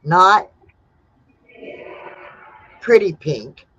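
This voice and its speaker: A woman hosts a casual livestream at an unhurried pace. She reads viewers' answers aloud one after another in a relaxed tone. The sound is dull and lo-fi. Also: lowish voice, husky. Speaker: livestream host. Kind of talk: casual live-stream chat reading viewer answers.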